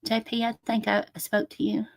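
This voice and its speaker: A woman hosts a casual livestream, reading comments, greeting viewers with endearments and breaking into swearing rants. Her voice sits on the high side, monotone with vocal fry, at a normal speed. The audio is studio quality with no echo.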